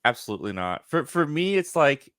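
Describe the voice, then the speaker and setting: A man's voice: on the high side, sing-song, a little fast, fairly bright tone, no room sound, clean studio sound. A man hosting a casual live movie chat show, easygoing and chatty with firm opinions. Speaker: host.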